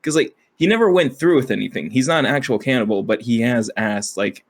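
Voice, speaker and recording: A man's voice: medium pitch, animated, a little fast, hardly any pauses. A man co-hosting a casual podcast chat, rambling with lots of fillers and frequent laughter. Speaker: podcast co-host.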